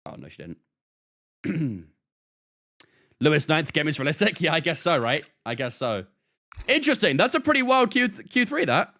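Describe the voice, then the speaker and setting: A man's voice: on the high side, sing-song, moderate pace, long pauses, bright, forceful tone. A man streaming a racing game, chatting casually with his viewers. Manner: chatty, talks to chat, often laughs off.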